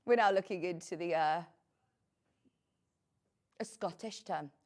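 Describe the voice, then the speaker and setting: A woman's voice: lowish voice, takes it slowly, a little mellow. A middle-aged woman presenting on a shopping channel, chatting casually and drifting into friendly asides while selling fabric. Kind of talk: live TV sales chat.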